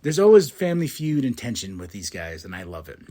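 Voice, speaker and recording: A man hosting a podcast in a casual, excitable recap, laughing often and acting out quotes. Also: mid-range voice, a little fast. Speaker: podcast host recapping wrestling.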